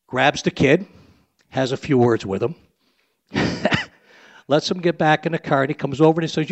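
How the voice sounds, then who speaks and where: A man's voice: on the high side, normal speed, pauses often. A man in his sixties, a limousine driver, telling a salty, blunt story live on stage.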